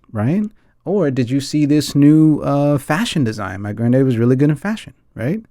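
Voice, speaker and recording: A man's voice: medium pitch, expressive, a little fast, mellow, no echo, clean studio sound. A man from the United States hosting a film chat, talking in an earnest, rambling way and often checking in with his audience. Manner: earnest and rambling, keeps asking the audience "right?" and "guys". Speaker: film discussion host. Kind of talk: casual reflective chat.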